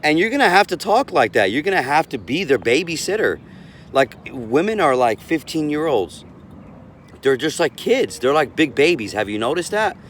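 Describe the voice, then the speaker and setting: A man's voice: medium pitch, very animated, normal speed, slight background noise. Rambling male coach outdoors. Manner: rambling, repeats words, earnest advice. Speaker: relationship coach. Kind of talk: casual vlog advice.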